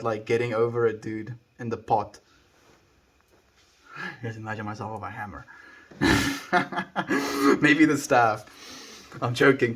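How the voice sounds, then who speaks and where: A young man from South Africa with a South African accent, chatting casually on a live stream as he answers viewer comments in a rambling, relaxed way. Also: medium pitch. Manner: laid-back, rambling, frequent likes and restarts.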